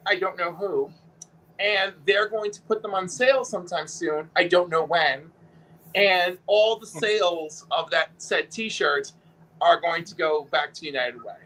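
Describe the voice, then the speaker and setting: Male host, high bright voice, animated, cheeky comic-book talk. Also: measured pace, low-quality recording. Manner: animated, profane, joking storyteller. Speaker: host showing comic books. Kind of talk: casual chat. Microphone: video call.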